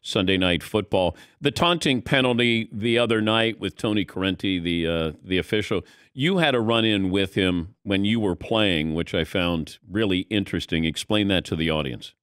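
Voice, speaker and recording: A man hosting a sports talk show, interviewing a guest in a lively, joking and opinionated way. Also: deep voice, normal speed, few pauses, smooth, no echo, studio quality. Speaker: show host. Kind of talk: casual interview chat.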